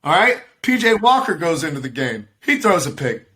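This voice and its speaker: Animated joking man on a video call. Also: fairly high pitch, normal speed. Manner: animated, joking, profane, laughs often. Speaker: podcast co-host. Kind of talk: casual sports chat.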